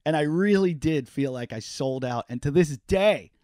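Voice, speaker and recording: A man's voice: on the high side, moderate pace, no echo, clean studio sound. A man telling stories in a casual podcast conversation, swearing freely and acting out the people he quotes. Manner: animated, swears freely, acts out quoted voices. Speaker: podcast guest. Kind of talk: casual storytelling.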